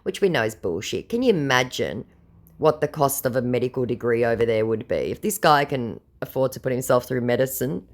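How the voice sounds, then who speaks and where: An Australian woman with a low voice tells a story to camera in a casual way. She is blunt and sarcastic and swears freely. Her pitch rises and falls a great deal. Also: expressive, brisk. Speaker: scam-baiting vlogger.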